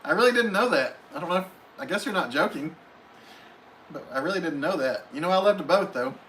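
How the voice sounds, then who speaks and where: A man with a somewhat high voice hosts a casual live stream from home. He chats easily, reading out viewers' comments and answering them one by one. Faint noise sits under his voice. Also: animated, fairly quick, a bit bright, poor audio. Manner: reads viewer comments aloud in friendly, chatty replies.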